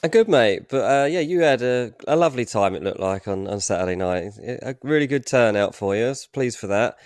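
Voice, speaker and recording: A male pundit on a football podcast talks in a rambling, opinionated way. His voice is mid-pitched and recorded dry and close. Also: expressive, fairly quick, no echo. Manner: opinionated, rambling, many fillers. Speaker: transfer pundit. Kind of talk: casual football podcast chat.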